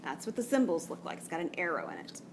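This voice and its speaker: A woman's voice: on the low side, very animated, quick pace, noisy background. A woman math teacher lecturing to a class, chatty and checking in often with "okay?". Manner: chatty, explains step by step with frequent "okay?" checks.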